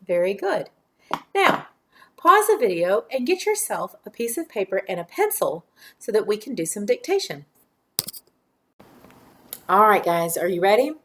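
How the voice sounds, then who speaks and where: A woman teacher talks young children through a phonics lesson at a very slow, deliberate pace. She draws out each word, gives short clear directions and follows them with encouraging praise. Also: mid-range voice, big pitch swings, a bit bright, a little hiss or hum. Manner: slow, clear, drawn-out words.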